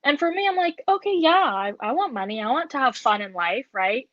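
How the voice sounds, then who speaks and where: Casting: young woman, higher voice, chatty rambling storyteller, dull dry lo-fi recording. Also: expressive, a little fast, no echo. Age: young adult. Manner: rambling storytelling, heavy on filler words. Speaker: podcast co-host. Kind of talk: casual chat.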